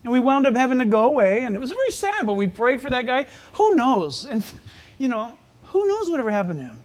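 An older man, a pastor, delivering a sermon as an animated, jokey storyteller. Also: extremely high pitch, fairly quick.

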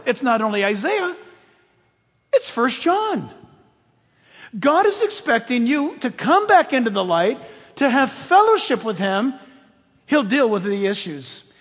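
A man preaching a sermon to his church, animated, swinging between loud exclamations and hushed, nearly whispered passages. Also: very high voice. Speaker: pastor. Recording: long hall reverb.

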